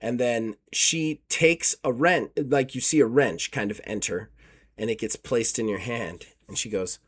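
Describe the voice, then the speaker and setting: A man running a tabletop horror game, narrating casually with fillers and quick self-corrections. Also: mid-range voice, husky. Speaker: game master.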